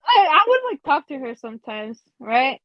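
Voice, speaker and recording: A woman with a high voice tells a story in loose podcast chat, swearing freely and filling her sentences with "like." The recording is dry and somewhat dull and lo-fi. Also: big pitch swings, normal speed, no echo. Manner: casual, profane, laughs between phrases, many fillers like "like". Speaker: podcast co-host.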